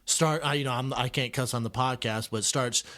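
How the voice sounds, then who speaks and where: A man hosting a podcast, telling a story in a relaxed, chatty way and acting out the people in it. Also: medium pitch, a little fast. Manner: storytelling, animated when quoting neighbors. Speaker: podcast host. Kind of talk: casual chat.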